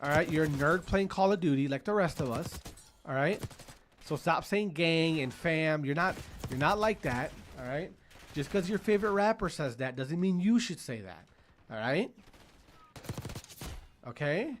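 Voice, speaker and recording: A man's voice: on the high side, animated, moderate pace, slight background noise. Profane ranting male gamer. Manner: profane, ranting, repeats himself. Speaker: gaming streamer. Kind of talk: casual gameplay commentary. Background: gunfire from the game.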